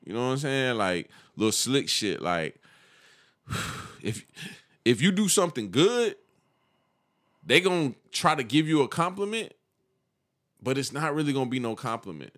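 A young man with a medium-pitched voice co-hosts a casual podcast at a moderate pace with long pauses. He tells lively, slang-filled stories and acts out what other people said.

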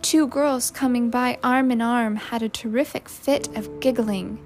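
A woman narrates a novel in slow, measured storytelling. Her voice sits a little high. Loud music plays under her reading throughout. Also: steady tone. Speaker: audiobook narrator. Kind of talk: scripted narration.

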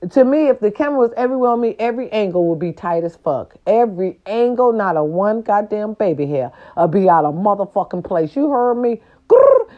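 A woman's voice: medium pitch, mellow, muffled recording. A woman, ranting to her viewers in a sassy, profane and emphatic casual monologue. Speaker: vlogger.

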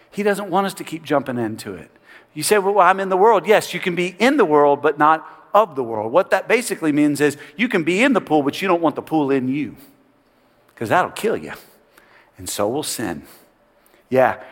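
A man preaching a sermon, lively and dramatic, with pauses and acted-out quotes. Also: fairly high pitch, long reverb tail. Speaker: pastor.

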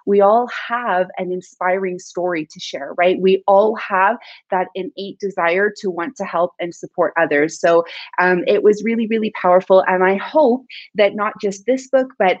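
A woman co-hosting a podcast, talking with warm enthusiasm about leadership in a casual chat. Her voice sounds dry and a little dull, with no room around it. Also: medium pitch, no echo. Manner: effusive, enthusiastic. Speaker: podcast co-host.

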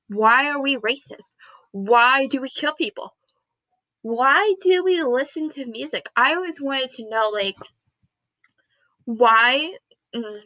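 Young woman gushing to her camera, rambles off topic, bright crisp voice. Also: a little high, no room sound, low-quality recording. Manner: rambling and gushing, drifts off topic, whispers at times. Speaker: vlogger. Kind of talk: casual chat to camera.

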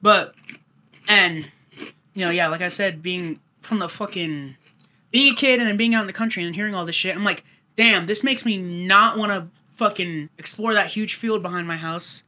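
A man's voice: high-pitched, normal speed. A young man casually telling a rambling, profane childhood story to friends. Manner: rambling, profane, animated retelling.

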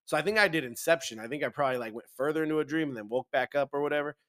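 A man's voice: on the high side, very fast, a bit bright, no room sound, clean studio sound. Man telling a rambling dream story. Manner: rambling storytelling, laughing often, quoting himself and others. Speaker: podcast co-host. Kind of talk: casual podcast banter.

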